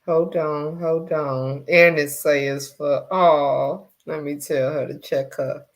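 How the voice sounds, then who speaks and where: A woman's voice: low-pitched, steady tone, slow pace. A woman hosting a casual live chat, talking in a heartfelt way and often repeating her phrases. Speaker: livestream host.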